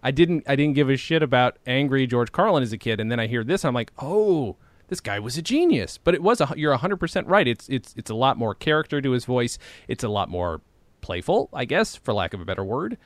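A man's voice: mid-range voice, expressive, fast, dry recording. Mid voiced host guy, dry close mic, eager, laughs a bunch. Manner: enthusiastic, laughs often. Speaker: podcast host. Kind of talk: casual interview chat.

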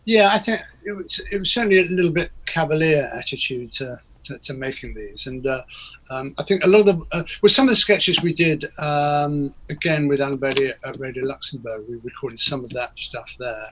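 Brisk and somewhat bright, this high-leaning male voice belongs to a record producer guesting in a casual interview, captured in a rough recording. His answers wander hesitantly, with many fillers and false starts.

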